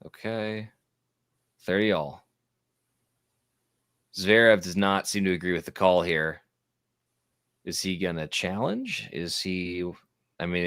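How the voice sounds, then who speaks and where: Deep-voiced man joking through a tennis watchalong. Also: a bit bright, no echo, clean studio sound. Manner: playful, jokey, quick to riff. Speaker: watchalong co-host. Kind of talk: casual live commentary chat.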